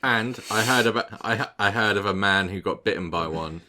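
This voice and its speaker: A man's voice: fairly low pitch, moderate pace, pushed and bright. A man co-hosting a podcast, chiming in with short quips and questions in casual chat. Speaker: podcast co-host.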